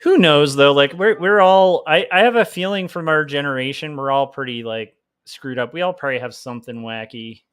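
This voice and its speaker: A man's voice: a little high, fairly quick, a bit bright, clean tone. A man hosting a livestream, chatting casually in a rambling, self-deprecating way with lots of fillers and laughter. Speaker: livestream host and comic artist. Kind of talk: casual chat while drawing.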